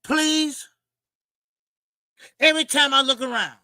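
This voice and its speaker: A man's voice: high voice, expressive, measured pace, gravelly, pushed and bright, no room sound. A man hosting a boxing talk show, ranting in blunt, profane casual commentary.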